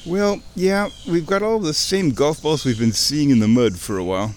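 A man narrating a nature walk by a wooded creek in an excited, chatty way, talking to himself as he films. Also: on the high side, normal speed, slight background noise. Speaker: nature vlogger. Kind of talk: casual outdoor narration. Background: birdsong.

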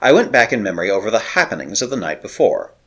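A man narrates an old adventure novel for an audiobook, and his husky voice keeps the telling vivid. His pitch swings widely with the suspense, always dramatic and expressive. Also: quick pace.

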